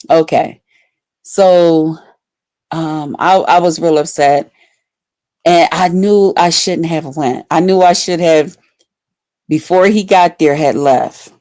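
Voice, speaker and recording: Woman, low voice, dark mellow tone, casual blunt storytelling, profane, filler-heavy. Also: vocal fry, no echo. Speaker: vlogger.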